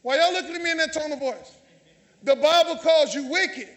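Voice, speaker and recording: A man's voice: very high-pitched, a little fast, a bit bright. A man with a Southern US accent preaching a sermon in a church, calling out to the congregation and teasing them. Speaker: pastor. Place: church sanctuary. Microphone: handheld or stage mic.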